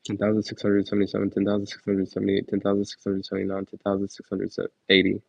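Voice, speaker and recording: Young man, tired, counting out loud, husky gravelly low voice, flat monotone, dry dull lo-fi sound. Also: fast talker, dry recording. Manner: steady monotone counting with casual chatty asides. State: tired and sore. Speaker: youtuber attempting a counting record. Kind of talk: long livestream-style counting marathon.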